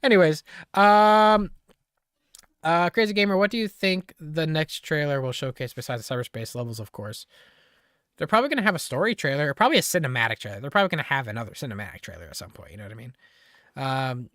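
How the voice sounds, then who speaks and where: A live streamer in casual chat with viewers, excitable, laughing often and teasing the chat. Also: medium pitch, fast, dry recording, studio quality.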